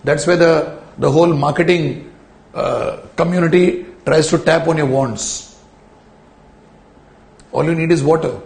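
Male lecturer, fairly high voice, explanatory, rhetorical questions, echoey room. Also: fairly even intonation, measured pace, long pauses, a little mellow. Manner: explanatory, rhetorical questions, repeats key phrases. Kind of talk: recorded lecture to camera. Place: indoor room, speaking in front of a camera.

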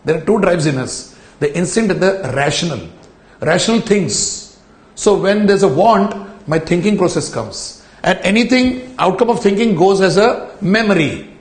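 Speaking to a camera in an indoor room, a man lectures in a high, lively voice at ordinary speed, with noticeable reverb. He poses rhetorical questions and keeps coming back to key phrases as he explains his ideas.

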